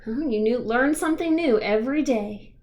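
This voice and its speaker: A woman voicing a worried, easily shocked male elephant in a storybook, with anxious exclaiming and drawn-out questions. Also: on the high side, darkish tone, a little hiss or hum, lightly acted. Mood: puzzled.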